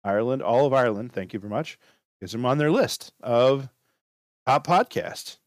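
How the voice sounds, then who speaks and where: A man talks through casual career advice in a loose, rambling way, circling back and repeating himself as he goes. His voice sits at an ordinary middle pitch and is recorded close and dry, with no room sound. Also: animated, moderate pace, no echo. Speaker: podcast host.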